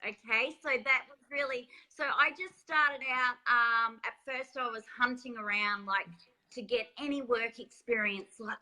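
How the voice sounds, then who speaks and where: Bright, high-voiced woman. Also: unhurried, low-quality recording. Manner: lively, laughs often, acts out quoted voices. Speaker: author and spa business founder. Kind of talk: casual interview storytelling.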